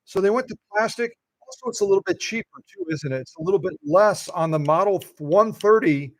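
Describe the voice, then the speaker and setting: Playful gravelly man in a dry room. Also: high voice, big pitch swings, a little fast, no room sound, poor audio. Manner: playful, teasing quizzes to viewers. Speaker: sewing machine restorer and channel host. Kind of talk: casual hands-on demonstration.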